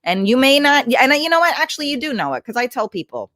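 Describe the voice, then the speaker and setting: A woman's voice: high voice, sing-song, quick pace, no room sound. Blunt chatty woman host. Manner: blunt, chatty, swears freely; warm greetings to viewers by name. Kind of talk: casual livestream chat reading comments.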